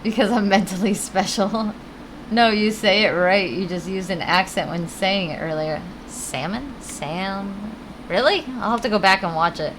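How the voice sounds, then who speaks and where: Over a noisy background, a woman with a mid-range voice and moderate pace plays a video game and chats casually with her audience. She has a Connecticut accent, rambles, reads chat messages aloud, and swears from time to time as a game streamer.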